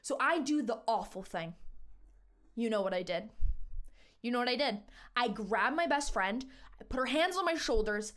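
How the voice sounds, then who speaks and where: A young woman hosting a podcast, telling a story in an animated, self-mocking, slangy way. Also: fairly high pitch, moderate pace, long pauses. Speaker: podcast host. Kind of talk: casual storytime.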